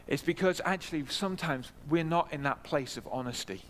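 A pastor preaches a sermon in a church, his voice on the high side and brisk, with a little hiss or hum present. He sounds earnest and repeats key phrases for emphasis, and a long hall reverb surrounds the recording.

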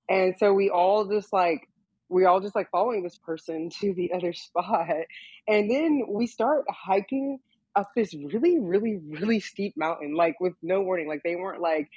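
A woman's voice: mid-range voice, normal speed, a little mellow, slightly rough, dry recording, highs cut off. A young woman telling a story in a casual interview, saying "like" constantly and laughing often. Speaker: guest, nude model.

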